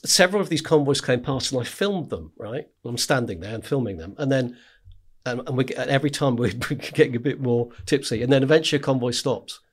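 A man's voice: mid-range voice, slightly rough. A man, a war correspondent, telling stories in a casual podcast chat, with frequent "right?" asides and laughing as he talks.

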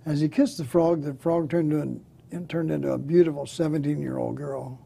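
A man's voice: on the high side, steady tone, fairly quick, gravelly, warm tone, slightly rough. A man, a comedian, telling jokes in a casual chat in a folksy way and chuckling at his own punchlines.

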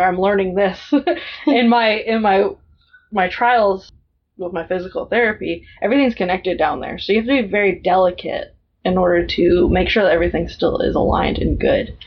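A woman guest co-hosting a casual book discussion, relaxed and thinking aloud with hesitant fillers. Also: medium pitch, slight background noise. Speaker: guest co-host. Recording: lo-fi dull audio.

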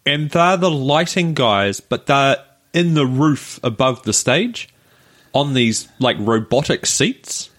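A man, co-hosting a podcast in casual chat, telling stories in a rambling, animated way. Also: mid-range voice, slow pace. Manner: rambling storyteller, animated retelling. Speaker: podcast co-host.

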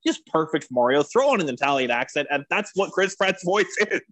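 A man's voice: a little high, expressive, fairly quick, a bit bright. A man co-hosting a casual podcast, enthusiastic and laughing often. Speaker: podcast co-host.

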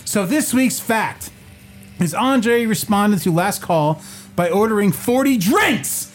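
A male podcast host riffing in loose, jokey chat, his pitch jumping around as he talks and cusses. Faint music sits under his voice. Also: lively intonation, takes it slowly. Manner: joking, loose, swears freely. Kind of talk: casual podcast banter.

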